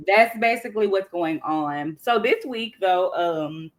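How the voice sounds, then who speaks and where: A woman with a Southern US accent talks through the news on a podcast in a loose, colloquial way. She drifts off on asides and catches herself mid-sentence. Her pitch sits in a middle range. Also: expressive, measured pace. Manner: chatty, colloquial, self-interrupting. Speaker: podcast co-host. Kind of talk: casual podcast commentary.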